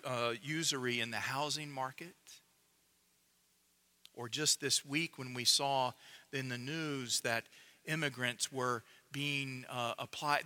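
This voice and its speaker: A man preaching a sermon in a measured, emphatic way, dropping to a hush to drive points home. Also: medium pitch.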